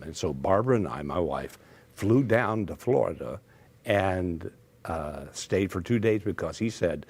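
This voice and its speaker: An older man telling stories as a TV guest, speaking carefully and deliberately after a stroke, with frequent fillers. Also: sits low, lively intonation, darkish tone, breathy edge. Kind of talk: storytelling in a TV interview.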